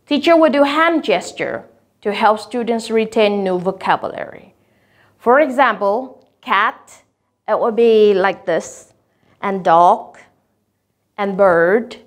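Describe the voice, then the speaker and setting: In a teacher-training talk about vocabulary instruction, a woman speaks clearly and deliberately, stretching out example words slowly. Her voice is medium-pitched with lively intonation.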